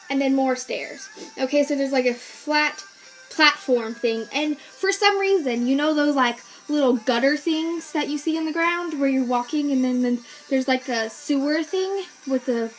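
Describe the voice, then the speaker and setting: A young woman with a high, bright-sounding voice tells a story to her vlog audience in a chatty, animated way. She keeps stringing clauses together with "like" and "okay". Faint music plays softly behind her. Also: low-quality recording. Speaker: vlogger. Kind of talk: casual storytelling.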